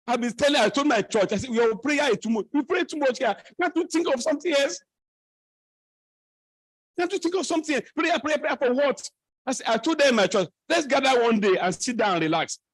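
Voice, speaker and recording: A middle-aged man with a Nigerian English accent addresses a conference, wandering into jokes and sermon-like asides as he goes. His voice sits high for a man, and the sound is close and dry, with little room echo. He often stumbles, restarts and repeats himself mid-sentence. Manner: digressive, humorous, preachy asides and restarts. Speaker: conference speaker. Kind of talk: lecture at a conference. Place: conference hall.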